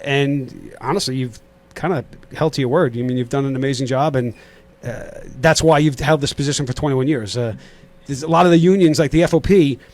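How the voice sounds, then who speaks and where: A man's voice: mid-range voice, fairly quick, darkish tone. A middle-aged man from Queens with a New York accent, hosting a casual podcast interview and rambling with lots of fillers and restarts. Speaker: podcast host.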